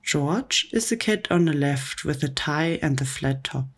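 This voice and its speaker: A woman reading a comic book story aloud in a soft, gentle whispered role-play for bedtime. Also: deep voice, lively intonation, measured pace. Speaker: ASMR storyteller.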